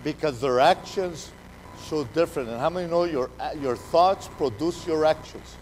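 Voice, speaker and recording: A man preaching a sermon as pastor, animated, calling out to the congregation and repeating his words. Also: on the high side, moderate pace, a little hiss or hum, rough recording. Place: church hall during a live service.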